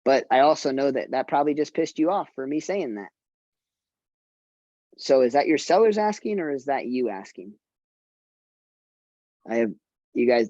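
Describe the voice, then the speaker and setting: A man's voice: mid-range voice, warm tone, dry recording, dull audio. A man giving a conference talk to fellow real estate agents, in a conversational manner that acts out conversations with clients.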